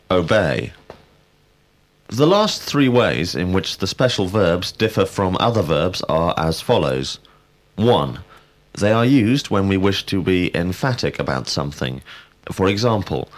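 A man giving a scripted grammar lesson, speaking in a measured, precise way and prompting answers. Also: low voice, sing-song. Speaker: language teacher.

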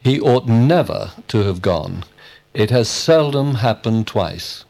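A man reading out example sentences for a grammar lesson, deliberate and clear. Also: on the low side, lively intonation, darkish tone. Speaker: lesson respondent.

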